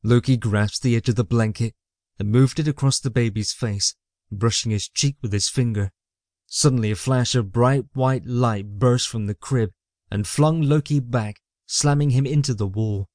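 A man's voice: mid-range voice, darkish tone, no echo. Man narrating a fantasy audiobook. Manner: measured storytelling. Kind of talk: scripted narration. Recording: dry close mic.

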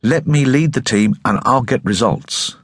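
A stubborn young woman, proud and insistent, as a male narrator puts her on in a raised, lively voice. Her lines come across as self-assured and firm, from a storybook reading. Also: medium pitch, measured pace, slightly rough, dry recording, studio quality, pitched above the performer's own voice.

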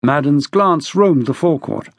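A man reading an unabridged mystery novel as audiobook narrator in a measured, expressive manner. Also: on the high side, dry recording. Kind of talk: scripted narration.

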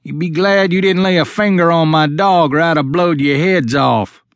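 A male narrator voicing a gruff old rural man with a raspy voice, threatening and barking orders at strangers on his land. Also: on the high side, normal speed, no room sound, clean studio sound, pitched above the performer's own voice, close to an everyday voice.

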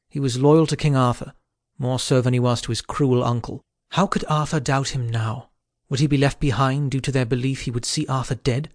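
A man narrating a historical romance audiobook in a steady, measured way, recorded close to the mic. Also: medium pitch, no echo. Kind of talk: scripted narration.

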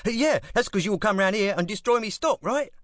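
A man voicing a small, cocky one-eyed club boss with a thick East London drawl, high and indignant. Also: lively intonation, moderate pace, a bit bright, dry recording, clean studio sound.

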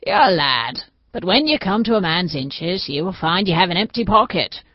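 A woman's voice: lowish voice, sing-song, moderate pace, no echo. A woman voicing a blunt, complaining peasant man in an audiobook. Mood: bitter. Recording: dull, dry audiobook recording.

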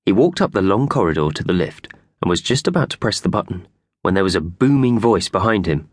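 A man narrates a children's story in a brisk, expressive way. His voice rises and falls widely, and the recording is dry and close. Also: low-pitched, dry recording. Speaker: audiobook narrator.

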